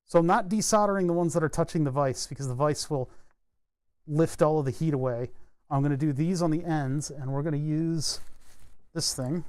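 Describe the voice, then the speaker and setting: A man's voice: a little high, normal speed, darkish tone, dry recording. Chatty man streaming from a dry desk. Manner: rambling, thinks aloud, self-deprecating asides. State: hiccuping and burping. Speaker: streamer building electronics. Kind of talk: casual live-stream chat while working.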